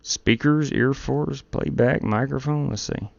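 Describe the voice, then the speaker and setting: A man's voice: mid-range voice, measured pace, creaky, a little mellow, no room sound, dull audio. A man hosting a sim racing live stream through a gaming headset, chatting casually with viewers while running the race lobby.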